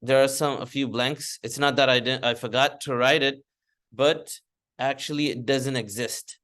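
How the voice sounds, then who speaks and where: A male teacher lectures on Arabic grammar to a class. His voice sits at a middle pitch, and he explains step by step, repeating key words and having the room recite after him. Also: steady tone, moderate pace, a bit bright. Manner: patient, repeats terms and has students recite after him.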